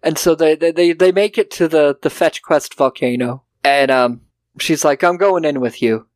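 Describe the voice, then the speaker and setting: A man's voice: fairly high pitch, moderate pace, dry recording. A man co-hosting a casual film review podcast, swearing freely and acting out characters' lines as he recaps. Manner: profane, jokey, acts out characters' lines. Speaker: podcast co-host.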